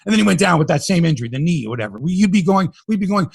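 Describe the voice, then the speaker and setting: A middle-aged man hosts a sports podcast and rants in a lively, profane, opinionated way. His voice is husky and sits fairly high. The sound is dry and close. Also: racing, hardly any pauses, dry recording. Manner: animated, profane ranting. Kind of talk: casual sports talk.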